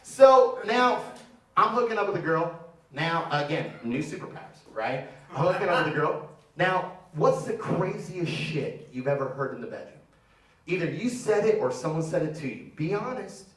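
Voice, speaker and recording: A man's voice: a little high, lively intonation, moderate pace, a bit bright. A man in his thirties doing a brash, profane stand-up set and teasing the crowd, recorded on a comedy theater stage. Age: 30s. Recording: echoey room, mic from a distance.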